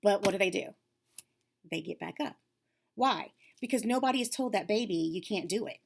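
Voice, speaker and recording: A woman's voice: mid-range voice, expressive, normal speed, creaky, slight background noise. Upbeat woman coaching young girls. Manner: warm, upbeat, coaching, drops to whispers for emphasis. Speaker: lead facilitator for girls' self-esteem class. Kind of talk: encouraging talk to young girls.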